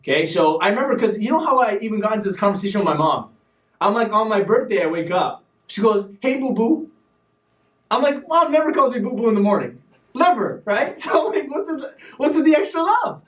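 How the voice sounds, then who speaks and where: A man hosting a live stream show, talking in an animated, preachy way with sudden loud bursts. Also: sits high, fast talker, reverberant, distant mic. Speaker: show host. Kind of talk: energetic live-stream talk.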